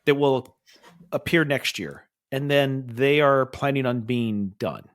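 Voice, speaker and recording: A man's voice: mid-range voice, slow pace, clean tone. A man co-hosting a podcast, chatting casually in a rambling, wry way with many restarts. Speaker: podcast co-host. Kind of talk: casual chat.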